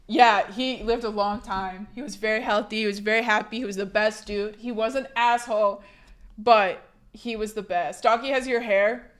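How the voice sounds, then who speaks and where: A young woman talks casually to her stream chat from a home desk mic. She rambles in loose, chatty runs, restarts her sentences and swears freely, at an everyday mid pitch. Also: fairly bright tone. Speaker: livestreamer.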